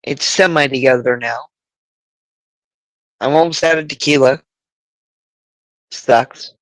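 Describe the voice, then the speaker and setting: A woman hosts a casual livestream, rambling and swearing as she goes. She talks slowly, taking her time. Her voice sounds dry and close. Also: rumbling low, dry recording, poor audio. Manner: profane and rambling. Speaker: livestream host.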